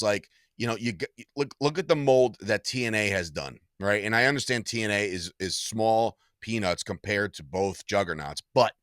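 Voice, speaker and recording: A man's voice: on the low side, fairly bright tone, no echo, studio quality. A man co-hosting a wrestling podcast in casual chat, opinionated and blunt, swearing freely. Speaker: podcast co-host.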